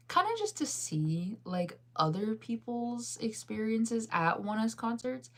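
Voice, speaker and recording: A tired woman in her thirties chatting casually as a vlogger, rambling and saying "like" a lot between yawns. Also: on the low side. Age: 30s. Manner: rambling, heavy use of "like". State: tired and yawning. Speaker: vlogger reading live chat. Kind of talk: casual chat.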